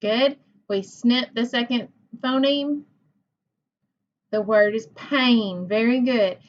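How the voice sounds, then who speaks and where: Woman teacher, slow patient phonics lesson, sounds out words, encouraging, dull lo-fi recording. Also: a little high.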